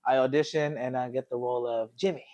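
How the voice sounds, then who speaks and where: A young man hosting a podcast, chatting casually and telling lively stories while mimicking other people's voices. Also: medium pitch, quick pace, highs cut off. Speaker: podcast host. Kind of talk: casual chat.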